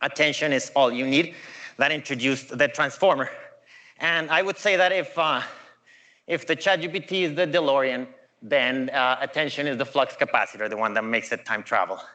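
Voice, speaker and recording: A middle-aged man giving a conversational, animated conference talk with playful asides. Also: mid-range voice, moderate pace. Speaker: conference speaker.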